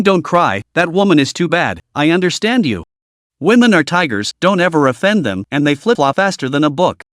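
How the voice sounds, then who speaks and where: A man narrating a recap of a fantasy comic story in an even, steady read. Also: a little high, no room sound, studio quality.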